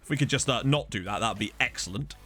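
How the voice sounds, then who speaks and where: Quick and forceful, his bright mid-range voice carries the commentary as this young gaming host plays a football management game. He chats, jokes, and reacts to the match, with faint game music and a desktop studio mic.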